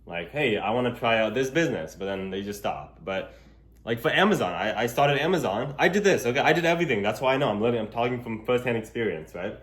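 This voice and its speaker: A man's voice: medium pitch, lively intonation, fast. Rambling young man vlogging on the move. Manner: rambling, frequent "like" fillers. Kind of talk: casual walking vlog. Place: outdoors in public. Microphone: gimbal camera held while walking.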